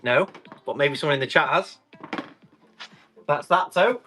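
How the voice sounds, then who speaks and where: A man talks casually through a live-stream tool sale, joking with the chat as he goes. His voice is bright and a touch high. Soft music plays faintly underneath. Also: a little slow. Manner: chatty and rambling, joking with the chat. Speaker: live online tool auction seller.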